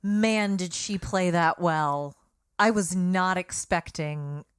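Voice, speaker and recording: Slow, deadpan female co-host; low-set voice, dry close mic. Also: smooth, no room sound. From Britain. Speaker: podcast co-host. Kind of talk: casual chat.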